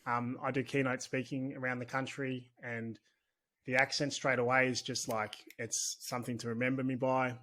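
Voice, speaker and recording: Slight background noise sits under this mid-range voice, which moves little in pitch and has a sharp tone at a moderate pace. The speaker, an Australian business owner, rambles candidly and chattily as a guest in a casual podcast interview.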